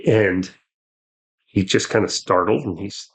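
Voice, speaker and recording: A man, a podcast guest earnestly telling a personal story, with halting restarts. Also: on the low side, slightly rough.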